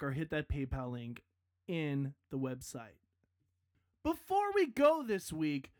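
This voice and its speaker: A podcast host in a casual outro, chatty and rambling, poking fun at themself and now and then bursting into loud hype yells. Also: medium pitch, no room sound, clean studio sound. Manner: chatty, self-mocking, rambling.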